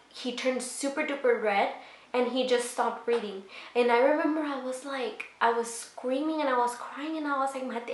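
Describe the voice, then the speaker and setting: A woman's voice: on the high side, fairly bright tone, reverberant. A young woman vlogger telling a personal story in a casual, rambling way, full of fillers. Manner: rambling, many fillers, emotional retelling.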